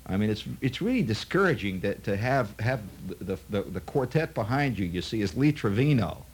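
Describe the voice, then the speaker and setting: A man's voice: fairly low pitch, very animated, normal speed, slight background noise. A man telling a long, rambling anecdote in a chatty way, full of asides. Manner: chatty, full of "see" and "you know" asides. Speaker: storyteller.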